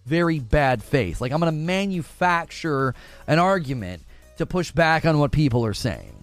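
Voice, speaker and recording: A man's voice: fairly high pitch, expressive, normal speed. A man with a slightly raised voice delivers a heated, opinionated rant. He talks casually, doubles back on his words and presses his points hard. Faint music plays underneath. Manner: emphatic, heated, repeats words, mocking quoted voices. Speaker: gaming commentator.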